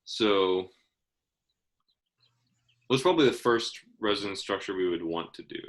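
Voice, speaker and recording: A man's voice: fairly low pitch, unhurried. A young man tutoring chemistry, asking guiding questions in a patient, casual way with frequent restarts.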